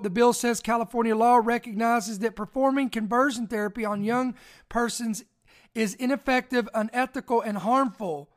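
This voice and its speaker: A woman hosting a live news commentary stream, reading quoted passages aloud, slowing down and repeating key lines, often stumbling and restarting words as she talks straight to her viewers. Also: fairly high pitch. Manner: rereads key phrases slowly for emphasis, addresses viewers directly.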